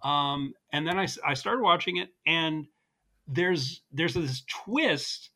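A man co-hosting a casual movie review podcast, talking in a relaxed, rambling way. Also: a little high, takes it slowly. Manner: relaxed, rambling, laughs easily. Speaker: podcast co-host.

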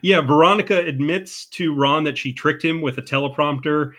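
Male podcast co-host, bright tone, playful and jokey recapper. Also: normal speed. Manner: playful, jokey, acts out quotes in high voices. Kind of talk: casual movie recap chat.

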